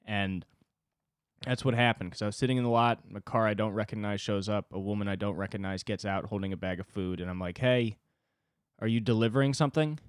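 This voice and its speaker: A man's voice: lowish voice, level tone, fast, smooth, no echo, studio quality. Profane young man venting alone. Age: young adult. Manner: ranting, profane, self-reflective. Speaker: podcast host. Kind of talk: solo confessional monologue.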